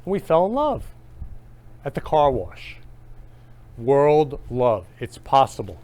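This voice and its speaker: A man's voice: mid-range voice, big pitch swings, takes it slowly. Gushing man hosting a love-themed show. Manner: gushing, repetitive, swings up loud on key phrases. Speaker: host. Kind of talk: enthusiastic casual monologue.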